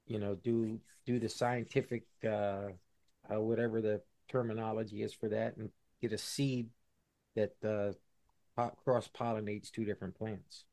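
Male podcast co-host, casual explainer, halting with fillers. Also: fairly low pitch, little pitch movement, warm tone. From Buffalo, New York. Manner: explanatory, many fillers and restarts. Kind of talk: casual chat.

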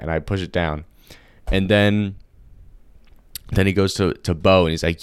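Deep-voiced young man, rambling. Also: steady tone, normal speed, pauses often, smooth, dry recording. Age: young adult. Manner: rambling, slangy, full of fillers. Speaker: podcast host. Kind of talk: casual solo podcast chat.

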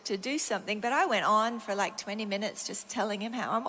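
A woman's voice: a little high, normal speed, slight background noise. A middle-aged Australian woman preaching a sermon, telling personal stories and acting out her own prayers and conversations. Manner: animated, acts out her own prayers and dialogue.

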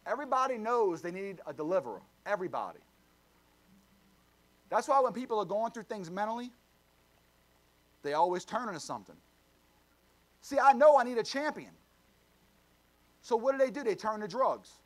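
A man preaching a sermon, swinging between loud emphatic surges and low, quiet asides. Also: big pitch swings, moderate pace, pauses often. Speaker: pastor.

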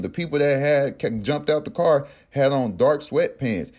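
Man telling a story, animated and profane. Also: a little high, normal speed, hardly any pauses. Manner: animated, profane, acts out quotes. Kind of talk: casual storytelling.

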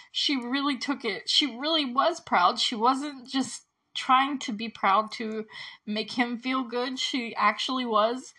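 A young woman with a fairly high voice talks through a TV episode in a loose, chatty way. She is openly emotional about what she describes and fills her sentences with "like.". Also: sharp tone, poor audio. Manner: chatty and emotional, heavy use of "like". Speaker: show host recapping a TV episode. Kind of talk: casual episode recap podcast.

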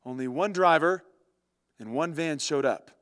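A chatty man tells a story straight to his audience, animated and casual. His voice sits a bit high, and the sound is dry and close. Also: measured pace, no echo. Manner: animated, chatty, addresses listeners directly. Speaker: vlogger.

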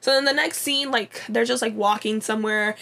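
A woman's voice: a little high, fairly even intonation, brisk, vocal fry, pushed and bright. A young woman co-hosting a podcast, casually recapping a TV episode in a chatty way, full of "like" and acted-out quotes. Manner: chatty, lots of "like" and quoted dialogue. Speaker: podcast co-host.

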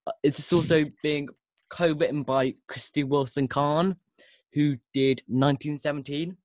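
A man's voice: fairly high pitch, steady tone, normal speed, darkish tone, no echo. A man hosting a casual podcast chat, talking enthusiastically and restarting often. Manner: enthusiastic, rambling, with frequent restarts. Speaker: podcast host.

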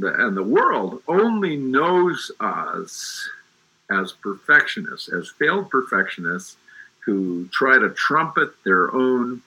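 A man's voice: lowish voice, sharp tone, slightly rough, rough recording. A middle-aged man talking about faith in an emphatic, preacherly way, often restarting his sentences. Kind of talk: faith discussion.

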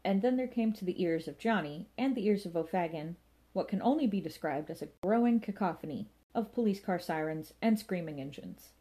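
A woman narrating a comic story in a lively, playful way, voicing sound effects as she reads. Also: lowish voice, a little fast. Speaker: audiobook narrator.

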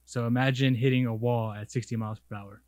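A man's voice: mid-range voice, fairly even intonation, quick pace, darkish tone, dry recording. Laid-back podcast guy, dry mic. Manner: laid-back, agreeing, casual slang. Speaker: podcast co-host. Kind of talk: casual chat.

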